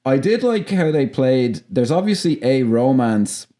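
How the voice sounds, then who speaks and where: A man with a Dublin accent, co-hosting a podcast in casual film chat, animated and sweary, acting out quotes as he goes. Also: mid-range voice, measured pace. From Ireland. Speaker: podcast co-host.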